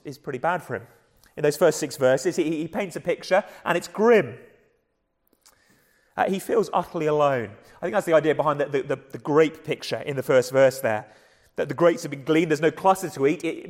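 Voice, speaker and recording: A hoarse man with an English accent, preaching a sermon in an earnest, conversational way with frequent repeated starts. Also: fairly high pitch, a little fast, long reverb tail. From England. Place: church.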